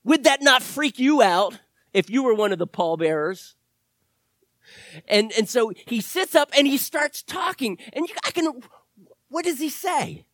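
A middle-aged male pastor preaching a sermon, animated, swinging from loud exclamations to hushed, whispered asides. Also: extremely high pitch, unhurried, no room sound.

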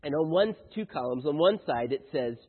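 A man reads funny cards aloud to a congregation, joking along and tripping over the odd word. His pitch swings widely and his voice is a little breathy. The sound is thin and phone-like, with a long echo from a big hall. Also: expressive. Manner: jokey, halting reader who stumbles over words. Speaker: speaker reading Mother's Day cards to an audience. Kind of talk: light-hearted reading aloud to a congregation. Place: large hall with house lights.

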